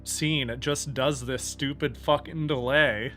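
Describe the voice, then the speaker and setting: Male gaming streamer, bright tone, drawn-out sarcastic delivery. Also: medium pitch, fairly even intonation, soft background music. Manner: sarcastic, exasperated, laughs and swears. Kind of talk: casual gameplay commentary.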